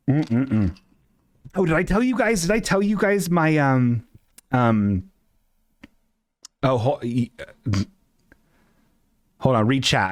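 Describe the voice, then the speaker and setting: A man rambles his way through a live-stream chat show, flustered as he reads out the chat. His pitch swings all over the place while he talks. The sound is close and dry, with no room around it. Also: no room sound. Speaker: podcast host.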